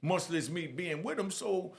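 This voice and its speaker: A man telling a first-person prison story in a casual, animated way, often checking in with the listener. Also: high voice, unhurried, vocal fry. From Jamaica. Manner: animated, keeps saying "you know what I mean". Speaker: storyteller recounting prison life.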